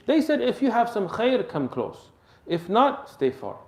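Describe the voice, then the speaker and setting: A preacher with an unhurried delivery and big pitch swings tells a story dramatically in his sermon, mixing Arabic religious terms into his English. He voices the story's characters and goes quiet and low when it turns emotional, his words echoing around the mosque hall.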